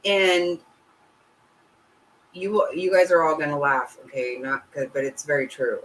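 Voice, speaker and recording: A woman's voice: a little slow, a little hiss or hum, low-quality recording. Blunt, foul-mouthed woman host. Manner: blunt and heavily profane; animated, swinging pitch. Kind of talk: casual livestream commentary.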